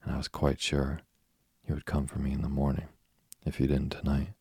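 A man voicing a chatty, imaginative orphan girl in a storybook reading, in his own very deep, gravelly voice. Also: completely flat delivery, fairly quick, darkish tone, dry recording, clean studio sound, exaggerated voice. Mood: eager. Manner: eager nonstop chatter.

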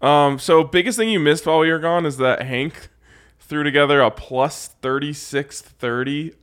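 A man's voice: a little high, normal speed, fairly bright tone, clear, resonant tone. A man co-hosting a podcast, telling stories in slangy, laid-back, casual banter. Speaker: podcast co-host.

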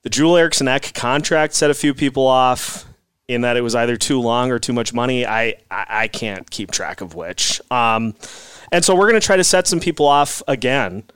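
A relaxed male host chatting on a sports podcast. His voice sits at an ordinary middle pitch and sounds close and dry, with no room around it. He rambles a little and fills gaps with "uh" and "um.". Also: normal speed, clean tone, dry recording. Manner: easygoing, rambling with fillers. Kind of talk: casual podcast chat.

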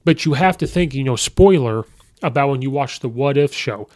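A man hosting a podcast, recapping a film in a casual, rambling way with many fillers and quick quoted asides. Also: mid-range voice, expressive, darkish tone, dry recording, studio quality. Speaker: podcast host reviewing a film. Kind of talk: casual movie review.

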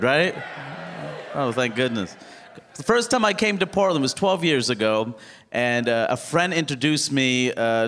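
A man's voice: on the high side, fairly bright tone. A man performing a stand-up comedy set on stage, telling stories animatedly and mimicking other people. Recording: live hall with reverb, faint noise.

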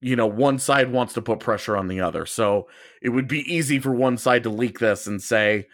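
A man's voice: medium pitch, normal speed, dry recording. Podcast host man, casual chatty talk, restarts sentences, dry close sound. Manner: rambling, self-correcting, animated.

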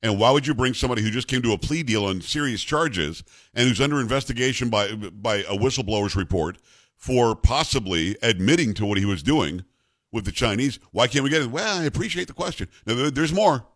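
A man's voice: medium pitch, expressive, brisk, a bit bright, dry recording. A man hosting a political talk radio show, speaking indignantly and sarcastically into a studio mic.

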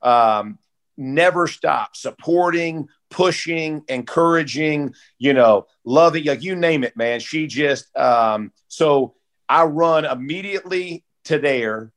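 A man in his forties telling stories with a slightly higher voice than most men. He is laid-back and heartfelt, and keeps dropping "bro" and "dude". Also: slow, a bit bright. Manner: heartfelt, close to tears. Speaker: guest, former football player. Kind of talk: casual podcast storytelling.

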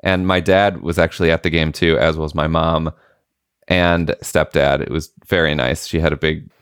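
A man's voice: extremely low pitch, moderate pace, clean tone, dry recording, clean studio sound. A man in his late thirties, a podcast co-host, telling a family story in casual chat and acting out the quotes. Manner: animated storytelling, acts out quotes.

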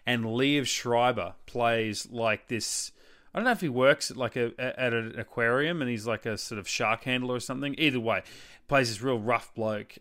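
Swearing, rambling Australian bloke. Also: male voice, medium pitch, clean tone. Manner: swears freely, rambling and animated. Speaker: podcast co-host. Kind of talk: casual chat.

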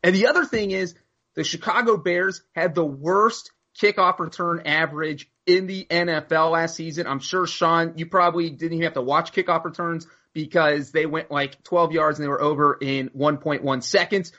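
A man's voice: fairly high pitch, steady tone, normal speed, sharp tone. A man co-hosting a casual sports talk show, breaking down signings with numbers. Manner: analytical, citing stats. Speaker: sports podcast co-host. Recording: muffled lo-fi audio.

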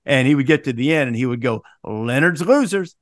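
A man's voice: medium pitch, fairly even intonation, rapid-fire, no echo, clean studio sound. A middle-aged man hosting a sports podcast, a wry storyteller who teases his co-hosts. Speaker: podcast host.

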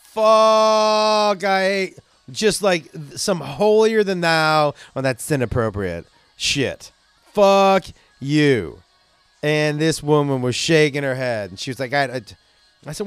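A middle-aged man, a stand-up comedian, talking in a casual, profane monologue that bursts into loud rants. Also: on the high side, slow, smooth, no echo, faint music behind. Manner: profane, animated ranting with loud outbursts.

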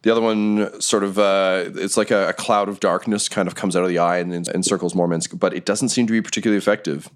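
A man narrating as game master of a tabletop game, describing the action in a halting, chuckling way with many fillers. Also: deep voice, fairly even intonation.

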